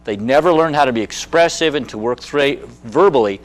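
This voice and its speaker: A man's voice: mid-range voice, brisk. A man in his sixties giving a presentation on handling anger, telling personal stories and acting out the voices of the people in them. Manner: animated storyteller who acts out quotes. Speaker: speaker on anger management.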